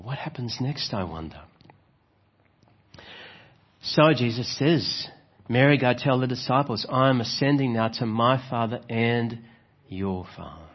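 A man preaches a reflective sermon in a husky, breathy voice, often turning his points into soft rhetorical questions. His pitch sits at an ordinary middle height for a man. The recording is slightly dull and lo-fi. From Australia. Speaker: pastor.

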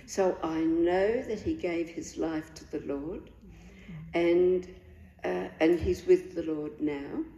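An older woman speaks slowly and earnestly, pausing and restarting as she tells a personal faith story. Her voice sits low and mellow. The room around her is echoey, like a church hall. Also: fairly even intonation, lo-fi sound. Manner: earnest, halting, with restarts and pauses. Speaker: guest sharing a faith testimony.

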